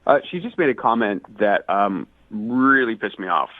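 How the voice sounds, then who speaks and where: A man on a thin, tinny phone line tells his story with indignant drama. His pitch swings widely as he builds up his outrage. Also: animated, moderate pace. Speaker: caller. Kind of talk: radio call-in.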